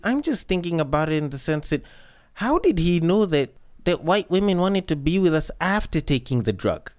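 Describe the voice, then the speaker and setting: Cheeky podcast host. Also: male voice, on the high side. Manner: cheeky, joking, tangent-prone storytelling. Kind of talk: casual solo podcast monologue.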